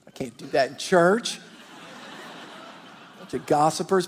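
A man with a high, gravelly voice preaches a lively sermon and talks straight to his congregation. His voice carries a long reverb from a big church hall. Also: unhurried, long pauses, slight background noise. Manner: animated preaching, direct address to the congregation. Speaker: pastor. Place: large church auditorium.

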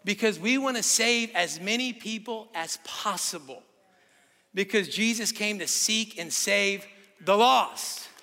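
High-voiced preacher in an echoing hall. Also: male voice, measured pace, creaky. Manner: animated storytelling with rhetorical questions. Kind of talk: sermon.

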